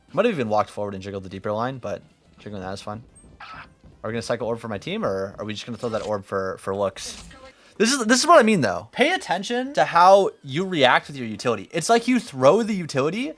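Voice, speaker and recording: A man's voice: mid-range voice, a bit bright. A young man giving blunt, profane, teasing critique as he coaches a player over a live stream. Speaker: game coach.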